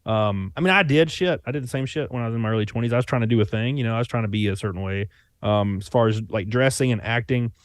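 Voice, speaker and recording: A man in his thirties speaks with a thick Southern US accent. He rambles in a relaxed way and swears casually. The recording is close and dry, with no room sound. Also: medium pitch, quick pace, no echo. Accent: Southern US (Alabama). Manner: rambling, laid-back, swears freely. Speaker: podcast guest. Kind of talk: casual chat.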